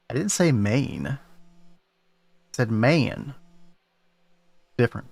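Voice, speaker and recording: A man's voice: medium pitch, wildly swooping pitch, slow, creaky, long pauses, darkish tone, no echo. A man streaming a game and joking with chat and his wife in playful, self-mocking banter. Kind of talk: casual gameplay stream chat.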